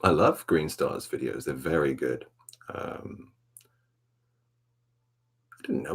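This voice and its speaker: A man hosting a soft-spoken ASMR live stream, rambling laid-back as he reads and answers the chat, self-mocking. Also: rumbling low, takes it slowly, long pauses, breathy edge. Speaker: ASMR livestream host.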